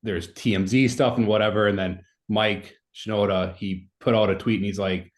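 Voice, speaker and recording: A man's voice: on the low side, fairly even intonation, normal speed. A man in his thirties telling a story in casual conversation as a podcast guest, rambling with many fillers.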